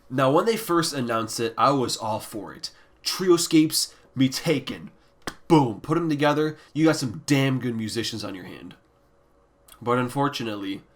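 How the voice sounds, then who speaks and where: Blunt, profane male music reviewer. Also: medium pitch. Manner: trails off into quiet, deflated mutters. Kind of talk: casual ranking review.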